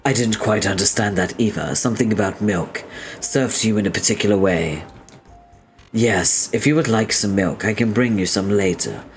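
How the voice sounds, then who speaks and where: A man's voice: on the low side, normal speed, a little hiss or hum, natural voice. A man reading as a prim, long-winded young male troll inventor who talks in a formal, stiffly polite way.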